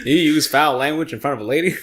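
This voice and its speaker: A man co-hosting a casual podcast, chiming in with quick jokes and short remarks. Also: a little high, a loud crowd. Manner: quick joking interjections. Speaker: podcast co-host.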